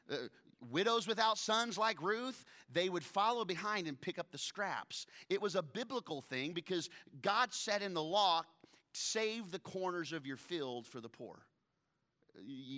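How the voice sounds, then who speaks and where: Male preacher, thirties, higher-pitched and bright, animated storyteller who slips into character voices. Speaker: pastor. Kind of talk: sermon.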